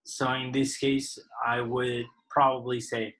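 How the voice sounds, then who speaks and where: A man's voice: mid-range voice, little pitch movement, slow pace, few pauses, a bit bright, rough recording. A man teaching an English lesson, explaining words patiently and step by step. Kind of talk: slow recorded lesson explaining vocabulary.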